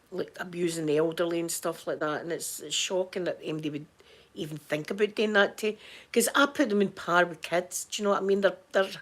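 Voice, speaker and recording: Hoarse, halting Scottish woman. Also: fairly low pitch. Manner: halting, repeats words and restarts often. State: hoarse from crying. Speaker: vlogger talking to viewers. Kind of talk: casual chat.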